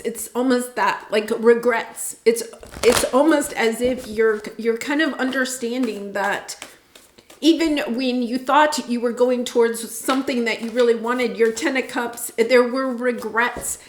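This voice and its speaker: A woman giving an intuitive tarot reading, earnest and meandering, heartfelt in her delivery. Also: fairly high pitch. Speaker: tarot reader. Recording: roomy echo.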